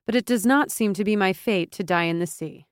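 A woman's voice: mid-range voice, brisk, dry recording, clean studio sound, natural voice. A woman voicing a proud young noblewoman who speaks in a firm, commanding, contemptuous way. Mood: calm.

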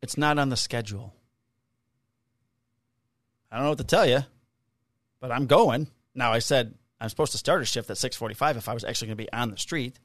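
A man's voice: medium pitch, brisk, pauses often, no echo. A middle-aged man on a podcast, casually telling a work story, swearing freely and acting out the people he quotes in a raised voice. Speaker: podcast co-host, police officer.

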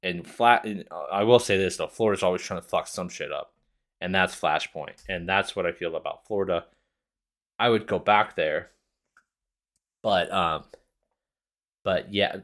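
A young adult man with a deep yet fairly bright voice hosts a podcast and rants casually, swearing heavily in a rambling, sarcastic way.

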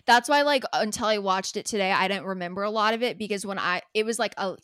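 A woman co-host talking in a candid, animated way, swearing freely and acting out what others said. Her voice sits at a middle pitch and sounds dry and close. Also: fast, clear, resonant tone, no room sound. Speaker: podcast co-host. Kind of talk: candid casual chat.

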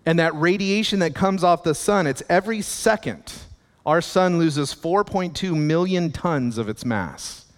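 A man's voice: fairly high pitch, expressive, a little slow, long reverb tail. A man preaching a sermon as pastor, in a conversational way with chuckling asides.

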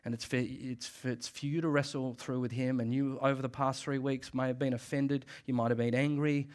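A man's voice: mid-range voice, little pitch movement, fairly quick, a little mellow. A man giving a sermon as a pastor, emphatic, often repeating phrases and laughing briefly.

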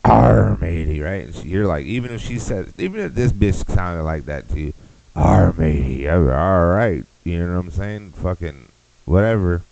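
A man's voice: low voice, expressive, fairly quick, darkish tone, highs cut off. A man hosting a podcast, ranting crudely and loosely as comedy. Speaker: podcast host. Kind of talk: comedic rant.

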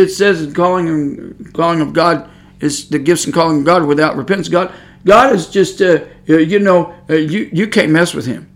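Older preacher, high and bright, alternates shouting with hushed testimony. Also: male voice. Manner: swings from shouting to quiet. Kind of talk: fiery podcast sermon.

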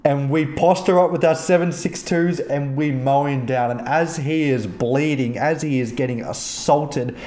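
A man hosting a podcast, telling gaming stories in an animated, profane way and acting out the other players. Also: on the high side, unhurried, hardly any pauses, reverberant. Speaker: podcast host. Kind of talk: casual storytelling chat.

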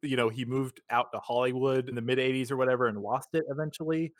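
A man's voice: medium pitch, steady tone, quick pace, dry recording, studio quality. A man in casual podcast chat, speaking hesitantly with many fillers.

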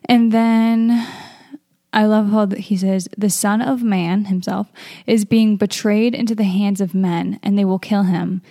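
Young woman reading the bible out loud then chatting about it, mellow voice with a bit of fry. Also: mid-range voice, fairly even intonation, measured pace, dry recording, studio quality. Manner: reads scripture aloud then muses informally with fillers. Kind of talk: casual Bible reading and reflection.

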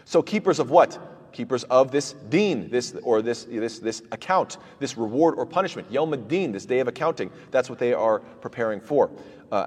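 A man's voice: medium pitch, a little mellow, big-room sound. A man teaching a Quran commentary lecture, asking rhetorical questions and answering them himself, with recited verses in between.

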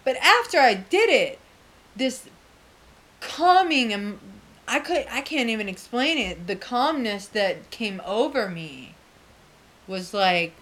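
A woman's voice: on the high side, animated, slow pace, fairly bright tone. A middle-aged woman co-hosting a talk show, telling a personal story frankly, swearing freely and laughing often. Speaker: podcast co-host. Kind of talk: candid storytelling chat.

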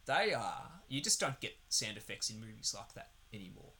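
A podcast co-host chats casually and sarcastically about a film, rambling and swearing often. His voice is lowish and brisk, pushed and bright, with big swings in pitch.

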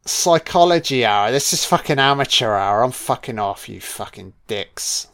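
A man voicing a crude, fed-up male detective in a low, muttered tone. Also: animated, moderate pace, fairly bright tone. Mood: crude dismissive.

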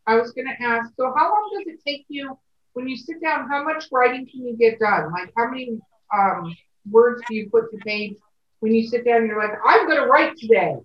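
Casual co-host, a woman, slightly high voice, recorded far off in a roomy space with dull sound. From California. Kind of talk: casual chat. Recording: distant, roomy and muffled.

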